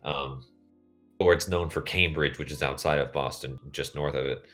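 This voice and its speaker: A man's voice: rumbling low, fairly even intonation, moderate pace, fairly bright tone, faint music behind. A man co-hosting a podcast in casual chat, rambling from tangent to tangent. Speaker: podcast co-host.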